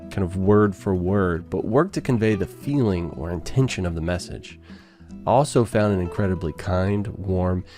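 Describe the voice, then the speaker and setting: A man hosting a podcast in casual interview chat, chatty and quick to laugh, with rambling asides. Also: low-pitched, a little mellow. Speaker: podcast host.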